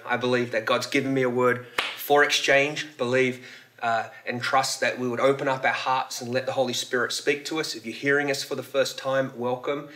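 A man's voice: medium pitch, a bit bright. A male pastor giving a casual, conversational sermon at a church service. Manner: casual, conversational preaching with fillers.

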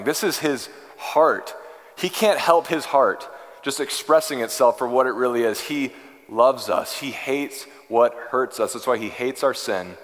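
Male pastor preaching, mid-pitched, earnest and pleading, long hall reverb. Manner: earnest, pleading, builds from hushed to emphatic. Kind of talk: sermon.

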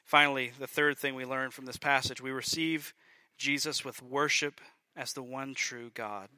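A male pastor preaching a sermon, emphatic, building to loud peaks and dropping to quiet lines. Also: mid-range voice, fairly even intonation, normal speed, no room sound.

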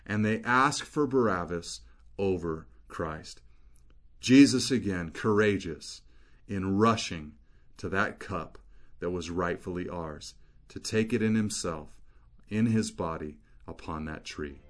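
A man's voice: low-pitched, takes it slowly. A man preaching an expository sermon as a pastor, earnestly explaining scripture verse by verse.

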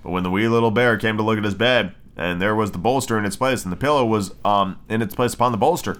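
Bright-voiced man reading a story irreverently. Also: lowish voice, quick pace, clean tone. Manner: irreverent, swears freely. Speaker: podcast host. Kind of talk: casual storybook reading with profane commentary.

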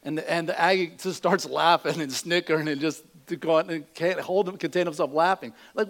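A man's voice: high voice, brisk, few pauses. A man preaching a sermon, telling a joke in a folksy storytelling way before teaching from scripture. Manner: folksy storytelling, acts out voices in jokes. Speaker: pastor.

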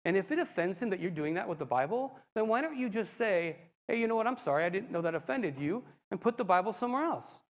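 Man doing God, calm, patient, soft-spoken, gently firm, fatherly. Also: sits high, fast talker, hardly any pauses, long reverb tail.

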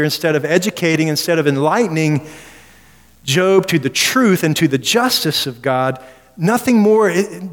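Emphatic male preacher, fairly high voice, rhetorical questions, long hall reverb. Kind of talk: expository sermon.

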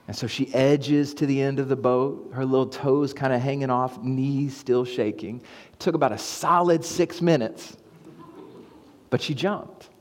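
A man's voice: medium pitch, moderate pace. Pastor man preaching in a reverberant hall. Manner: storytelling, swings from hushed to hyped. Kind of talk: sermon. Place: church sanctuary. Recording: long church hall reverb.

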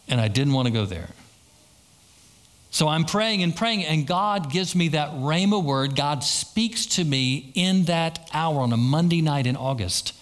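A man preaching a sermon as pastor, telling stories and acting out quoted lines with a lot of repetition. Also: on the high side. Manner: storytelling with acted-out quotes and repetition.

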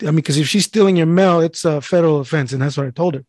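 A man's voice: fairly high pitch, very fast, no echo, studio quality. A man telling a story in casual chat, swearing freely and acting out the voices of the people in it. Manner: profane, animated, acts out voices of people in his story. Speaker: mail carrier telling a story.

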